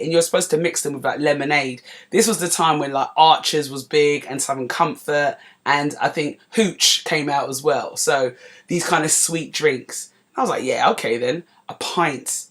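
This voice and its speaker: Chatty London woman telling a story. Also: sits low. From North London, England. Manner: lively anecdotal, chatty asides to listeners. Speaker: podcast host. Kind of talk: casual storytelling monologue.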